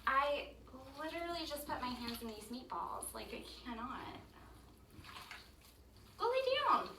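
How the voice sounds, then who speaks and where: A woman's voice: high-pitched, moderate pace. Chatty woman cooking in an echoey kitchen. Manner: chatty, rambling, with many ums, baby talk to her dog. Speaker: home cook vlogger. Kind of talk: casual cooking vlog chat. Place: home kitchen. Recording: roomy kitchen, mic some distance off, faint background noise.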